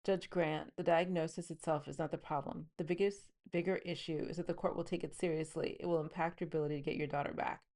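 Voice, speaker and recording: A woman's voice: low-pitched, steady tone, quick pace, hardly any pauses, darkish tone. A woman reading her novel aloud and stopping now and then to explain scenes in a chatty, offhand way. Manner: reads the scene plainly, then breaks into chatty asides. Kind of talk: book reading with commentary.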